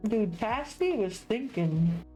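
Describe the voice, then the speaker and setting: Giggly slow-talking woman streamer. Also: mid-range voice, animated, dark tone, faint music behind. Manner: giggly, laughs often. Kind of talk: casual chat while drawing. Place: home desk.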